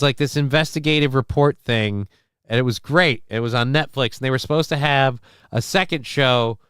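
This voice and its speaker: A man's voice: mid-range voice, a bit bright, smooth, dry recording, clean studio sound. A man hosting a casual livestream, rambling crudely, reacting to clips and reading chat aloud while feeling sick. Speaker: livestream host.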